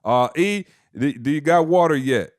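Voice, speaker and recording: A man's voice: on the high side, normal speed, darkish tone, no echo, clean studio sound. A man co-hosting a casual podcast chat, talking in a laid-back, slangy way. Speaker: podcast co-host.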